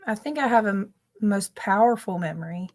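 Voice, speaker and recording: A woman's voice: mid-range voice, lively intonation, a little fast, a little mellow. A woman teacher, telling an emotional story on a roundtable video call, laughing often between lines. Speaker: teacher and panel guest. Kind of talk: roundtable discussion.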